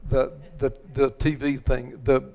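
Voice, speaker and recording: A man's voice: medium pitch, level tone, unhurried, dark tone. An older man from West Texas preaching a sermon, telling stories in a rambling way full of restarts and repeated words.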